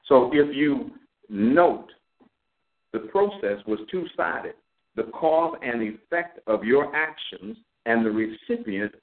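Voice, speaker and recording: A man preaching a Bible lesson on a community call, reading scripture slowly and deliberately. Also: mid-range voice. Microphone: call audio. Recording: narrow phone-line sound.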